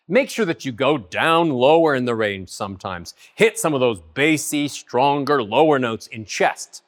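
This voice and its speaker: A man giving a voice lesson, teaching in an animated way and swooping high and low in pitch to demonstrate. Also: a little slow, hardly any pauses. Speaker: voice coach. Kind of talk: spoken voice lesson.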